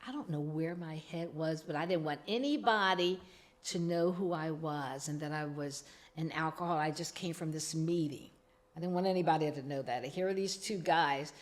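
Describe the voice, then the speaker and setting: Middle-aged woman, low voice, earnest podcast storytelling. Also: moderate pace. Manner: earnest storytelling, acting out quoted dialogue. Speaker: guest. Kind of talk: personal recovery story in a podcast interview.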